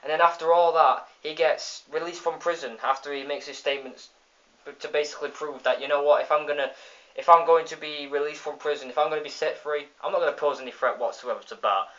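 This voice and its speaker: A man's voice: a little high, fairly even intonation, fast talker, sharp tone. Man rambling through a dull phone recording. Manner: rambling retelling with many restarts and fillers. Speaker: episode reviewer. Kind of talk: casual spoken episode review.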